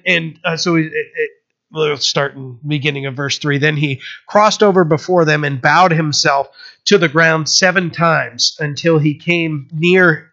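A man's voice: on the high side, sharp tone. A male pastor giving an informal, conversational Bible teaching sermon, retelling scripture scenes in everyday speech. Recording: slightly muffled lo-fi recording.

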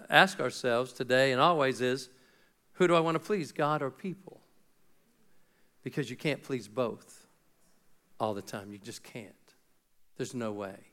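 A man's voice: mid-range voice, a bit bright, clean tone. A middle-aged man preaching a sermon as pastor, talking conversationally and acting out little dialogues.

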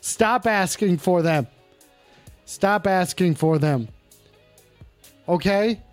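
A man's voice: sits high, slow, no room sound, faint music behind. A man hosting a comedic call-in show in character, brash and profane and often repeating himself. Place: indoors at home.

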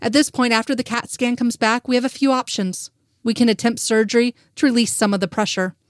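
Woman reading as a calm, clinical male doctor. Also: on the high side, dry recording, studio quality, voice pushed up, close to an everyday voice. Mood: grave. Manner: measured, delivering grave news.

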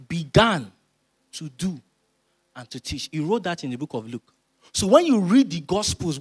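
A man, preaching a sermon as pastor, emphatic and repeating phrases as he builds to loud exhortation. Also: a little high, breathy edge. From Nigeria.

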